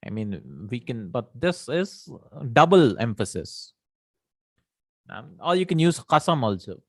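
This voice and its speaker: A man teaching an Arabic grammar lesson, explaining slowly, repeating terms and checking with "right?". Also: mid-range voice, very animated, no room sound.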